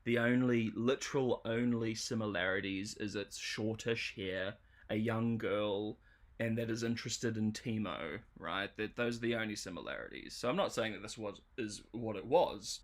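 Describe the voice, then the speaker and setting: A man's voice: on the low side, fairly even intonation, normal speed. A man reviewing a show on a livestream, ranting in an exasperated, sarcastic way. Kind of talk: livestream commentary.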